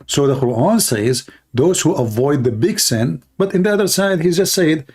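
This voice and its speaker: A man with a fairly high-set voice argues heatedly on a live stream, daring his listeners to prove him wrong. His English is broken and non-standard, and he keeps clearing his throat as he lectures. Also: lively intonation, normal speed, hardly any pauses, darkish tone. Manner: confrontational, challenging listeners. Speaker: livestream debater. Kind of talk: heated livestream debate.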